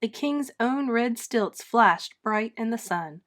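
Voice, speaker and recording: A woman reading a children's storybook aloud with dramatic, expressive narration. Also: on the high side, slow. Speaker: storybook reader. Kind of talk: children's book read-aloud.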